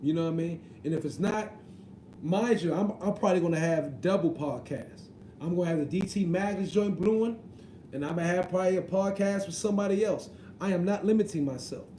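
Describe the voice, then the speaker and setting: A high-pitched, mellow-toned man chats casually on a live stream. He jokes a lot, drops slang and keeps asking "you know what I mean". His voice sits in an echoey room with a faint hum behind it. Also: fairly quick. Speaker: livestream host reading chat.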